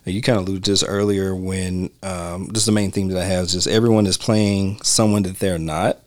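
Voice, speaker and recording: Low-voiced man in relaxed podcast chat. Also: a little fast, no room sound. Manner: easygoing, laughs often, searches for names. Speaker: podcast host. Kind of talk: casual film commentary chat.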